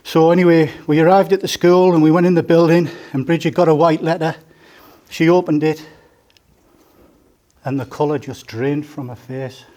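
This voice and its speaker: A man's voice: fairly high pitch, fairly even intonation, moderate pace, a little mellow. A man, giving a joking, story-filled father of the bride speech at a wedding reception. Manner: joking, storytelling, teasing the groom. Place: indoor wedding reception room.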